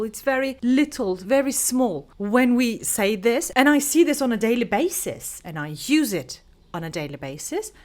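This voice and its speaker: A young woman, an English teacher giving an unhurried pronunciation lesson to camera, explaining each word with example sentences. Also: high-pitched. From Turkey.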